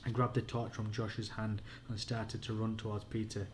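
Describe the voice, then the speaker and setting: A man's voice: lowish voice, flat delivery, moderate pace, a little hiss or hum. A man with a Yorkshire accent reading a spooky children's book aloud at home as a bedtime story, in a plain, unpolished way with the odd slip.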